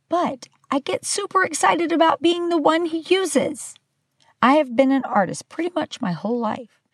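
An older woman hosting her own podcast, bubbly and animated with playful asides, talking casually to the listener. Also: on the high side, no room sound, studio quality. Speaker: podcast host. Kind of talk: casual solo podcast talk.

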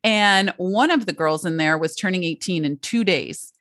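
A chatty woman talking through advice, her voice set a little low. She drops frequent fillers and side remarks. The sound is close and dry, with no room around it. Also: moderate pace, fairly bright tone, dry recording. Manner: chatty, many fillers and asides. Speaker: podcast guest giving parenting advice. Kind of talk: casual advice talk.

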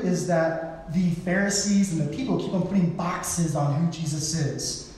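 A man's voice: sits high, a little mellow, a little hiss or hum. A man giving a sermon in a casual storytelling way, acting out the people he quotes in playful voices. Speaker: pastor. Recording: echoey hall, from far off.

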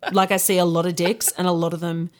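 A woman's voice: lowish voice, little pitch movement, quick pace. A woman, co-hosting a podcast and telling a story in casual chat, candid and laughing often. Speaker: podcast co-host.

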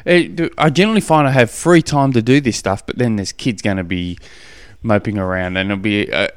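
A man talks into a podcast microphone, rambling through a listener's question with plenty of ums and self-deprecating asides. His voice is smooth and clear, and the sound is dry and close with no room around it. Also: fairly low pitch, dry recording. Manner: rambling, self-deprecating, chatty with many fillers. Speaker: podcast host. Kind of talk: casual solo podcast answering listener questions. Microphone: studio podcast microphone.

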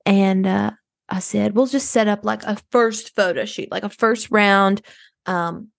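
Woman doing a self-absorbed rich suburban mom, gravelly, rambling, for a comedy podcast, dry sound. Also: mid-range voice, fairly even intonation, a little slow, no echo. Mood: rambling, chatty. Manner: rambling, breathless oversharing.

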